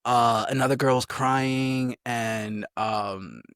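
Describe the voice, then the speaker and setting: A young adult man, a soldier, telling stories in a casual, animated way, laughing often and acting out what people said. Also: medium pitch, takes it slowly, clear, resonant tone, dry recording, clean studio sound. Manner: animated, laughing, acts out quotes. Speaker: army soldier, podcast guest. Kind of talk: casual storytelling chat.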